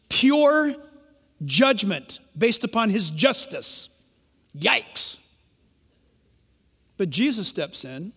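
In a church sanctuary with long hall reverb, a male pastor preaches in an extremely high, slightly bright voice. He is emphatic and puts questions to the congregation.

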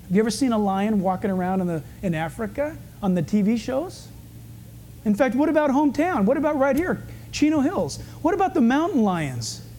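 A male pastor preaching a sermon, animated and humorous, swinging from fast urgent bursts to low hushed asides. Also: slight background noise. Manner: humorous, storytelling.

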